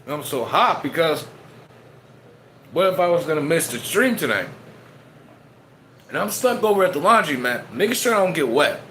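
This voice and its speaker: A man's voice: fairly high pitch, big pitch swings, moderate pace, long pauses, fairly bright tone, a little hiss or hum. A man, streaming and chatting casually to his viewers, rambling and joking as he eats. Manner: rambling, joking, talks while eating.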